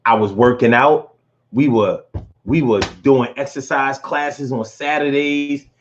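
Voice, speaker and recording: A man's voice: medium pitch, unhurried, muffled recording, a little hiss or hum. A man hosting a casual live show, telling personal stories with lots of profanity and feeling. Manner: animated storytelling, profane and emotional. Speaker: host. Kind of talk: casual live-stream talk.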